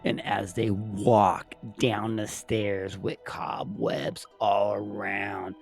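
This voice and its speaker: A man narrating a movie plot recap in a plain, steady storytelling manner. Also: on the low side, extremely slow, gravelly, soft background music.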